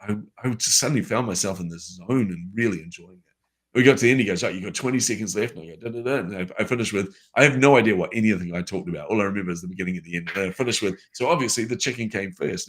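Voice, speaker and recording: A man with a New Zealand accent, a guest telling a story from his life in a lively, casual way with everyday fillers. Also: sits low, slightly rough. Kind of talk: conversational storytelling.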